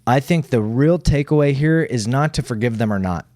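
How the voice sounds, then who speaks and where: A man's voice: mid-range voice, lively intonation, moderate pace, a little mellow, no echo. Earnest guy on a podcast, cussing a lot, keeps saying right?, dead dry sound. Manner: earnest, swears freely, leans on "right?" tags. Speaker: podcast co-host. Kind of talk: casual chat.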